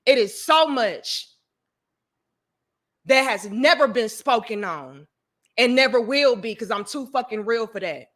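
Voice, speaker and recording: A woman's voice: on the high side, lively intonation, measured pace, long pauses, a bit bright. A woman venting to her viewers, blunt, profane and openly emotional, talking to them directly. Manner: addresses viewers directly as "y'all". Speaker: vlogger. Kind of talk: venting to the camera.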